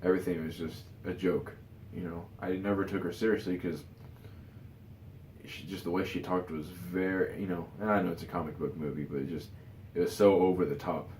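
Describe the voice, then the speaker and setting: With a deep, fairly even, slightly mellow voice, this tired man talks fairly quickly on his vlog, rambling through casual opinions with many fillers like "you know" and frequent restarts. The room echoes and there's some background noise.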